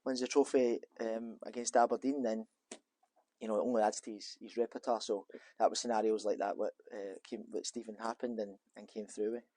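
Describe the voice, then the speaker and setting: A man's voice: on the low side, flat delivery, fairly quick, mellow, no echo. A man, a former footballer being interviewed in an office, talking casually and rambling with many restarts and fillers.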